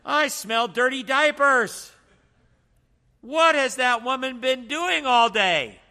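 A man's voice: sits high, steady tone, takes it slowly, sharp tone, clear, resonant tone, exaggerated voice. A man acting out a tired, hungry young seminary student who grows outraged about dinner. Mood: indignant. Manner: outraged rhetorical complaining.

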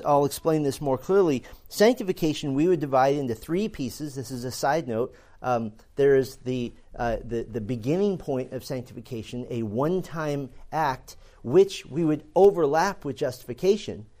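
A man with a medium-pitched, dark voice gives a classroom theology lecture. He's an earnest teacher who explains patiently, often restarting phrases with fillers and repeating words as he thinks.

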